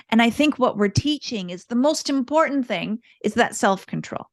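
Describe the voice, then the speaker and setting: Calm, explanatory woman with a high voice. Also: moderate pace, few pauses, dry recording, studio quality. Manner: calm, explanatory, repeats words while thinking. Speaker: podcast guest, parenting speaker. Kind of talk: casual interview talk.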